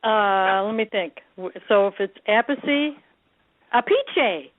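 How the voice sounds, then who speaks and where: A woman's voice: mid-range voice, level tone, normal speed, no room sound. A woman from Detroit, a drummer, telling stories in a casual interview and laughing often. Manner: laughing, chatty storyteller. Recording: dry, phone-like line.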